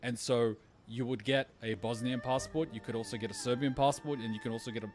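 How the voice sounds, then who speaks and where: A man's voice: medium pitch, fairly even intonation, fairly quick, darkish tone. Swearing, rambling male game streamer. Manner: rambling storyteller, swears, laughs often. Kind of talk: casual chat over gameplay.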